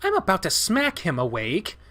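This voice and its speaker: A man playing a sharp, cutting young she-wolf. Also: sits high, huge pitch swings, normal speed, pitched above the performer's own voice, full character voice.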